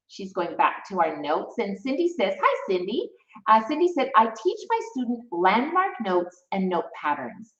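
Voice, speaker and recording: Lively music teacher woman, roomy echo. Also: medium pitch. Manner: lively, encouraging, chatty. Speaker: music teacher hosting a live session. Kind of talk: live-streamed teaching talk. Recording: roomy, distant, slightly dull mic.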